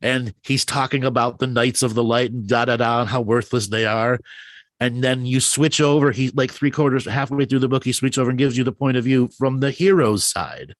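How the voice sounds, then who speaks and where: A man's voice: mid-range voice, steady tone, a little fast, no echo, clean studio sound. A man hosting a casual live call-in chat, rambling and enthusiastic, often restarting his words. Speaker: show host.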